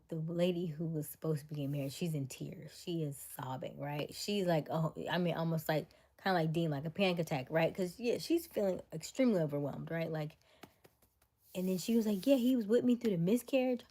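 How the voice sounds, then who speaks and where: Mellow-voiced woman retelling gossip. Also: low voice, fairly quick. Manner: animated, incredulous retelling. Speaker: livestream host. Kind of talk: casual storytelling to chat.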